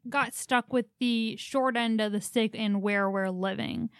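A woman's voice: a little high, fairly even intonation, measured pace, clean tone, dry recording, clean studio sound. A young woman in casual chat at home, easygoing and chatty as she tells stories. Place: home apartment.

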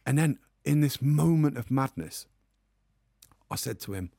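A man telling a comic anecdote as a podcast guest, acting out the people in his story with lively energy. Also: mid-range voice, measured pace, vocal fry, no room sound, clean studio sound. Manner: animated storyteller, acts out the other people in the story.

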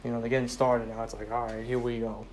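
A man's voice: mid-range voice, level tone, fast talker, darkish tone. Guy doing a solo sports rant, rambles a lot, says "you know" constantly, cusses when he's heated, little hiss behind him. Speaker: sports fan podcaster.

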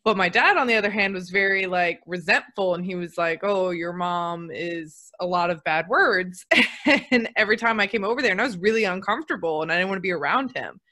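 A woman's voice: medium pitch, fast, sharp tone. A young woman hosting a casual conversation, chatty, laughing easily and filling her talk with "like".

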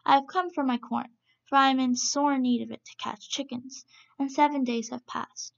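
A greedy, thieving male fox from a children's storybook, eager and polite, as a woman reads him. The voice is gravelly and set fairly high. It comes through a muffled, lo-fi recording. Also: steady tone, moderate pace.

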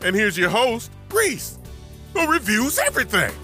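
Guy putting on a squeaky cheesy announcer, bright and bouncy. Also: wildly swooping pitch, unhurried, faint music behind, exaggerated voice. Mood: announcing. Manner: high, sing-song announcer voice. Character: cheesy male show announcer, over-excited.

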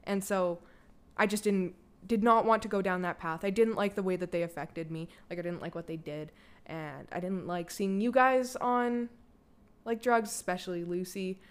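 Smooth-voiced young Canadian woman, chatty. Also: fairly low pitch, steady tone, normal speed. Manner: candid, loose and chatty, heavy filler "like", swears freely. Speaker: guest, daughter of the host. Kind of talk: casual personal storytelling.

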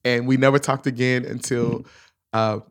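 A man recounts a personal story in casual conversation. His voice sits at an ordinary middle pitch. He acts out the quoted dialogue with lively energy. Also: moderate pace. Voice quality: animated, acts out quoted lines, laughs often. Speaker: guest telling his story.

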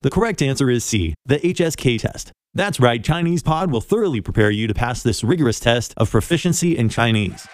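A man's voice: medium pitch, lively intonation, fairly quick, few pauses, a little hiss or hum. A man announcing a scripted trivia segment in an upbeat quiz-show style. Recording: loud music bed.

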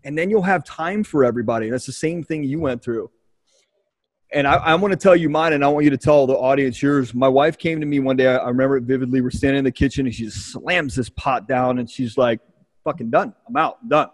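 A man's voice: medium pitch, fast. A man hosting a podcast, telling a candid, emotional personal story in casual speech with frequent swearing. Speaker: podcast host.

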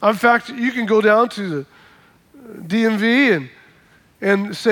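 A man's voice: high-pitched, moderate pace, long pauses. A man preaching a sermon, telling a story and acting out the dialogue, and calling on the congregation to repeat words back. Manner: animated storyteller, acts out dialogue, calls for congregation responses. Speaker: pastor.

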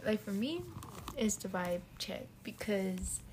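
A young woman trades jokes about dating in a casual, mid-pitched voice full of fillers. A faint hiss of noise sits behind her. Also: slow, a little mellow. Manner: casual, joking, filler-heavy.

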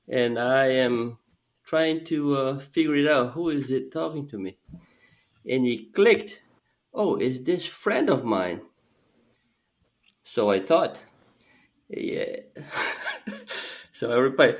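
A man's voice: mid-range voice, expressive, slow, long pauses. A man co-hosting a podcast, telling an anecdote casually, acting out the quoted voices and laughing along. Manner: storytelling, acts out quoted voices, laughs at own story. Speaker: podcast co-host.

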